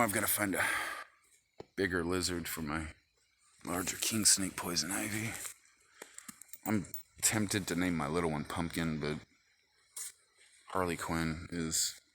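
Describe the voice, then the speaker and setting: Low, hard-edged man ranting. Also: measured pace, pauses often, sharp tone, slight background noise. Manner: agitated, profane ranting. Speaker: vlogger. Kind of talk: rambling monologue to camera.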